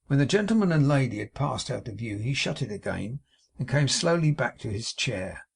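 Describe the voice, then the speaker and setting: Gravelly man reading a classic novel. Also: medium pitch. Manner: steady, measured storytelling. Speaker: audiobook narrator.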